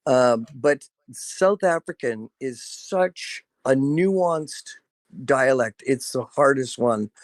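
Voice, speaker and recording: A man of middle pitch speaks earnestly and emphatically, circling back to repeat his point. His voice is close and dry, with no room around it. He sounds like a voice actor chatting on a video call. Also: lively intonation, takes it slowly, no echo. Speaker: voice actor guest. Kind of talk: casual video call chat.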